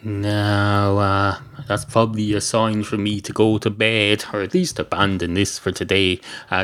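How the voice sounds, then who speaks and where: A man rambling through an improvised story in a low voice. He drifts from one aside to the next, self-deprecating and full of uhs. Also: fairly even intonation, normal speed, hardly any pauses, fairly bright tone.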